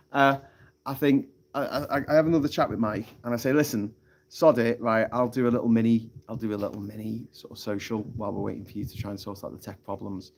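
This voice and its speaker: A man's voice: mid-range voice, gravelly, slightly rough. A man chats loosely to a live stream audience, rambling through a story with plenty of laughs and the odd curse word. He is talking into a phone outdoors on an island. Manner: chatty storytelling with frequent laughs and swearing.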